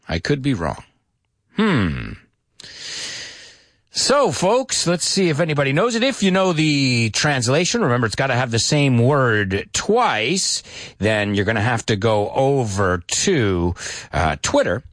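A man hosting a live-streamed English lesson in a playful, animated way, switching between English and Spanish. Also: mid-range voice, no room sound, studio quality. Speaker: host.

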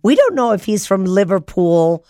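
A woman's voice: medium pitch, sing-song, normal speed, mellow. A woman from Mexico hosting a talk show, chatting playfully with a guest and bursting into laughter. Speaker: host. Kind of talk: lively talk show chat.

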